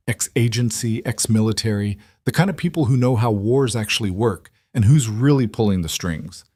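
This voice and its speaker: A man voicing a crisp commanding female colonel. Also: fairly low pitch, a little mellow, no room sound, clean studio sound. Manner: cool, clipped, controlled.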